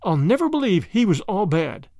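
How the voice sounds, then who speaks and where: A man's voice: sits high, very animated, normal speed, mellow, dry recording, studio quality. A man voicing a kindly, stubborn old grandmother who speaks earnestly and plaintively.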